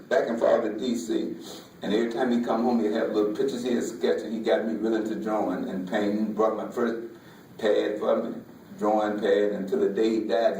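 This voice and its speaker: A man, a folk artist, giving an emotional personal talk in a halting way, often repeating words, with Southern vernacular. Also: on the low side, a little mellow, slight background noise. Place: museum lecture hall. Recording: echoey hall, voice from far off.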